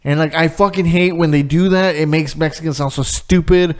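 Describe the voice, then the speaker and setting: A man co-hosting a casual podcast, telling stories in a profane, animated way. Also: a little high, fairly quick. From Rio Grande Valley, Texas. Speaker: podcast co-host. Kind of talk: casual chat.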